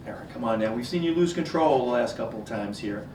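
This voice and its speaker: A man's voice: mid-range voice, noisy background, natural voice. A man playing a coaxing group therapist who praises small progress, in a stage comedy. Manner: soothing then overly enthusiastic. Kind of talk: community theater comedy. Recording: echoey stage from far off.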